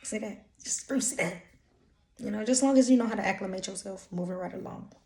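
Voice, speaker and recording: A woman's voice: medium pitch, fast, gravelly, mellow. Blunt woman, roomy echo. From Louisiana. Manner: blunt, profane, streetwise slang. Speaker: intuitive reader. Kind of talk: casual channeled energy reading.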